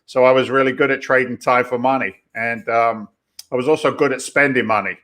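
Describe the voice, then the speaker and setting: Bright-voiced man telling stories. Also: mid-range voice, brisk. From England. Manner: storytelling, animated and jokey. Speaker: real estate investor guest. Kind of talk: casual podcast interview.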